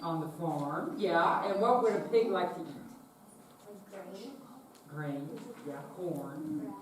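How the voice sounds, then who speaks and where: A woman leading a children's message in church, gently asking the children questions. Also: lowish voice, lively intonation, slow pace. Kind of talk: children's sermon. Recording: echoey room, far from mic, noisy.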